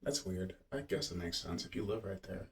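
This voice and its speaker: A man's voice: low-pitched, lively intonation, brisk. A man casually reading a children's book aloud, stopping often to ramble and joke. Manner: digressive, jokey, stop-start reading.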